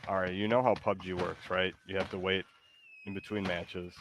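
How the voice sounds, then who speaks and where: A man with a fairly low voice chats casually during a game stream. He talks hesitantly, trailing off and restarting his sentences with plenty of fillers. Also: level tone, moderate pace, background noise. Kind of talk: casual gaming chat.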